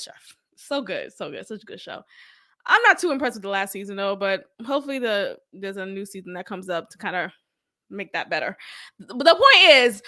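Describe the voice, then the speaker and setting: A woman's voice: on the high side, pushed and bright. A woman hosting a podcast, talking casually with a blunt, sarcastic edge and plenty of swearing. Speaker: podcast host.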